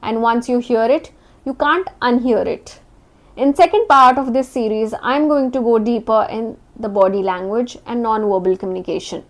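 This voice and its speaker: A woman coach delivers a scripted lesson with a slightly high voice. Her phrasing is measured and emphatic. She lands each statement with a firm falling tone. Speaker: interview communication coach. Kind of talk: scripted instructional talk.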